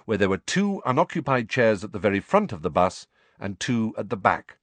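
Male audiobook narrator, low voice, lively intonation, dry close recording, expressive storytelling. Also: moderate pace, no room sound. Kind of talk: scripted narration.

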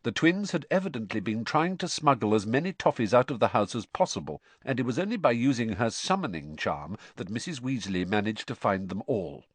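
A man reading a story aloud in an expressive, animated way. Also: medium pitch, brisk, few pauses, slightly rough, no room sound. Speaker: narrator. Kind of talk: audiobook narration.

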